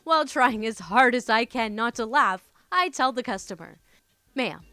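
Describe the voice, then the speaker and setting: A woman with a bright, fairly high voice reads stories and chats casually with her listeners. Her delivery is lively and swoops up and down, loose and a little sweary, with faint music behind. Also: moderate pace, clean tone, dry recording. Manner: chatty, swears, addresses listeners as "my dudes". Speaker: storytime channel host. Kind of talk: casual storytime reading and chat.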